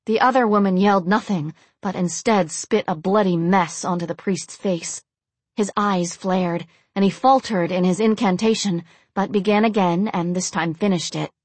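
A woman narrating a dark story in a steady, even reading voice. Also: mid-range voice, moderate pace, no room sound.

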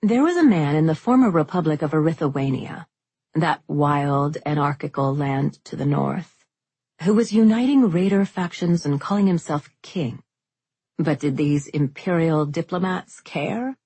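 Low, husky woman narrating. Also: lively intonation, measured pace, a little mellow, no room sound. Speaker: audiobook narrator. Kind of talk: scripted fantasy narration.

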